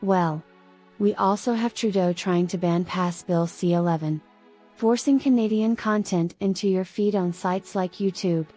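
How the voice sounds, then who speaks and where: A woman co-host reading viewer donation messages aloud in a plain, even way. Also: lowish voice, a little slow, soft background music.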